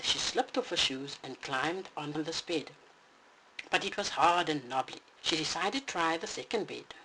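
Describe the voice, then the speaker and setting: Expressive bedtime story narrator. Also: mid-range voice, slight background noise, low-quality recording.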